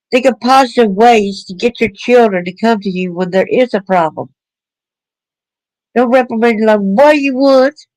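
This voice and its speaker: A woman's voice: mid-range voice, darkish tone, dry recording, low-quality recording. A woman speaking earnestly to parents about protecting children, in a plain-spoken way with fillers and restarts. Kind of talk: personal talk to parents.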